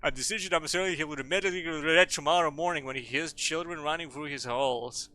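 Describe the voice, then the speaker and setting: A man's voice: a little high, fast, sharp tone, dry recording, voice pushed up. A man voicing a pompous ancient male headmaster giving a grandiose farewell speech. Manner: grandiose, theatrical oratory.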